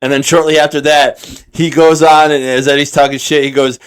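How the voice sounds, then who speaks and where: A man's voice: on the high side, level tone, fairly quick, smooth. Rambling, swearing podcast guy. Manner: loose and rambling, swears often, many fillers and restarts. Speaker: podcast co-host. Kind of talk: casual chat.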